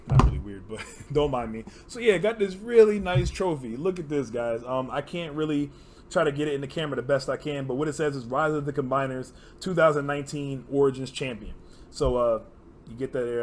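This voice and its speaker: Brief: young man, mid-pitched, casual vlog, heartfelt and teary, filler-heavy rambling, faint room hiss. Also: a little mellow. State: teary, emotional. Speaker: card game player and channel host.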